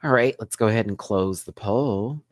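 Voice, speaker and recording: A man hosting a live recap stream, talking in a sassy, campy way with big swoops in pitch. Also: moderate pace, no room sound, clean studio sound.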